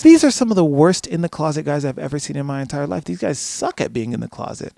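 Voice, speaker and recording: A man's voice: fairly high pitch, lively intonation, fast talker, vocal fry, hardly any pauses, darkish tone, no echo, studio quality. A man hosting a solo podcast, ranting animatedly with plenty of swearing and acted-out asides to himself. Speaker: podcast host.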